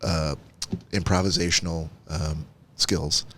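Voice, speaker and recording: Deep-voiced man hosting a podcast. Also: level tone, takes it slowly, bright, forceful tone, slight background noise. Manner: wordy mock-formal setups, laughs easily. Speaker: podcast co-host. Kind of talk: casual chat.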